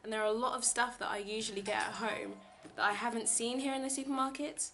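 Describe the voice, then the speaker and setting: A woman's voice: a little high, steady tone, quick pace, sharp tone, faint music behind. A young woman chatting casually in a vlog, rambling with lots of fillers. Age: young adult. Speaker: vlogger teaching abroad. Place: home kitchen, indoors.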